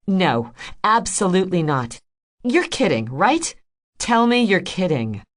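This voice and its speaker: A woman voicing a fierce, headstrong woman mercenary leader who speaks forcefully, close to shouting, in a storybook reading. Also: on the low side, very animated, a little slow, pitched above the performer's own voice. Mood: furious.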